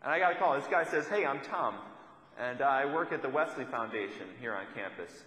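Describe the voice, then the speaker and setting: A man's voice: mid-range voice, lively intonation, brisk, fairly bright tone, reverberant, long reverb tail, rough recording. A young adult man giving a sermon, telling a story in a conversational way and repeating lines for emphasis. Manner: storytelling, conversational with rhetorical repetition. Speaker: preacher.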